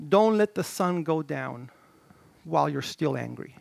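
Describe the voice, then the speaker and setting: A middle-aged male pastor preaching a sermon in an animated, conversational way, with stammered restarts and swings from shouts to low murmurs. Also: a little slow, creaky, no echo.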